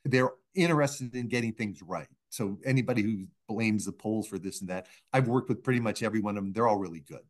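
This middle-aged man speaks with a fairly low voice as a guest pollster on a podcast. He tells stories in a measured, unhurried way, slipping into the voices of the people he quotes. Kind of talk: anecdotal storytelling in a podcast interview.

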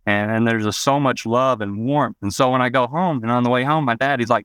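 An Arkansas man, appearing as an interview guest, tells a personal story loosely and reflectively, peppering it with "you know" and raising his voice to imitate the people he quotes. His mid-range, fairly bright voice is smooth and fairly quick, barely pausing. There's no room sound.

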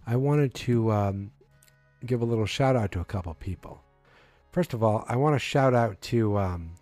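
A man's voice: medium pitch, mellow, dry recording. A man hosting a casual solo podcast, rambling with many fillers and self-corrections. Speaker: podcast host.

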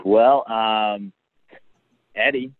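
A young man with a low voice talks casually, acting out the people in his stories. The sound is dry and tinny, as if it came over a phone line. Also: very slow, dry recording. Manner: relaxed storyteller, acts out quoted lines. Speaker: guest, professional wrestler. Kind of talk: casual interview chat.

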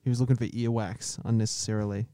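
Co-host, Australian man, mellow dark tone, dry close mic, sarcastic and teasing. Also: mid-range voice, little pitch movement, fast talker, no echo. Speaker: podcast co-host. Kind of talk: casual banter.

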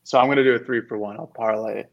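A man's voice: medium pitch, steady tone, quick pace. Man on a dull lo-fi mic. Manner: detailed, earnest analysis. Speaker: sports podcast co-host. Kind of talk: casual sports chat.

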